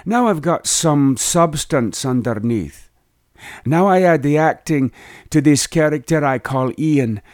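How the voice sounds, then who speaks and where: A man's voice: on the high side, darkish tone, no echo, clean studio sound, pitched above the performer's own voice. A man voicing Ian, a sad, pathetic Scottish fellow who talks in a plaintive, sympathy-seeking way with a Scottish accent. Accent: Scottish (put on).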